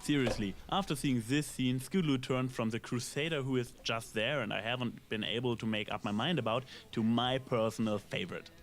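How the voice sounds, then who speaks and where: A man reading a scripted episode review in a measured, analytical way, with dry asides. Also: mid-range voice. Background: faint background music.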